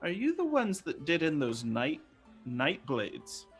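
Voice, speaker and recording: A man's voice: a little high, huge pitch swings, unhurried, breathy edge, faint music behind, exaggerated voice. A man voicing a gray-haired older woman in a tabletop game, chatty and persuasive as she asks for help. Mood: friendly.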